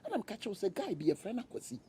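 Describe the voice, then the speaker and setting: A man's voice: high-pitched, huge pitch swings, racing, dark tone, a little hiss or hum. A man with a Ghanaian accent, pleading and wheedling for money in a comedy skit. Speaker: son posing as a rich returnee from America. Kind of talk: comedy skit dialogue mixing English and Twi.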